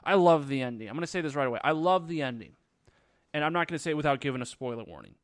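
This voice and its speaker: A man's voice: on the high side, lively intonation, racing, no echo, clean studio sound. A young man reviewing a movie in a casual vlog, sarcastic, crude and rambling as he retells the plot.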